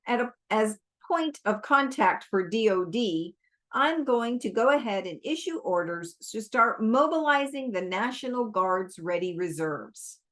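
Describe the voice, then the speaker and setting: A blunt, commanding army general barks out his orders in a slow, deliberate delivery, read aloud by a woman. It sounds like an audiobook reading. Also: a little high, expressive, fairly bright tone. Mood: curt. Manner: curt and commanding. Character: gruff blunt army general, middle-aged man.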